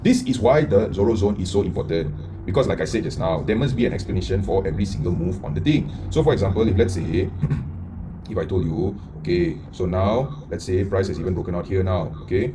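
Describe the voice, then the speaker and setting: With a low, expressive voice and a slightly quick pace, a man teaches trading live, cursing bluntly, throwing rhetorical questions at his audience, and shifting from loud bursts to mumbling. Background noise is audible.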